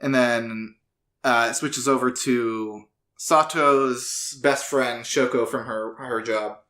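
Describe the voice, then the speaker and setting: A man co-hosting a casual podcast, retelling an episode loosely with fillers and quick voiced-out quotes. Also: medium pitch, fairly even intonation, fairly bright tone. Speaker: podcast co-host.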